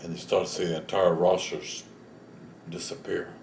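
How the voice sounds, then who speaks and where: Older man, 70s, plain-spoken storyteller, lowish voice, roomy recording. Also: flat delivery, normal speed, gravelly, darkish tone, slight background noise. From Texas. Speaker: veteran interviewee. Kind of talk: oral history interview.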